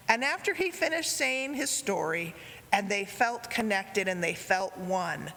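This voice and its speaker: A woman gives a sermon in a church sanctuary, her voice bright and clear. She tells the story gently and unhurriedly. The sound carries a long reverberant tail from the hall. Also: medium pitch. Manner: gentle storytelling with acted quotes. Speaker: preacher.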